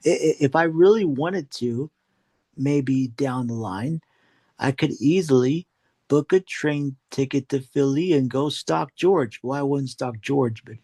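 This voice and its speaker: A man chatting casually as a podcast panelist in a relaxed, offhand way. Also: medium pitch, a little slow, husky, dry recording. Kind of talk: casual chat.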